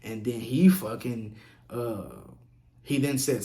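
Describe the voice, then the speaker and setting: A man casually telling a story on his vlog, profane and animated, acting out what others said. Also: mid-range voice, moderate pace. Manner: profane, animated, acts out quotes. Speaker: vlogger.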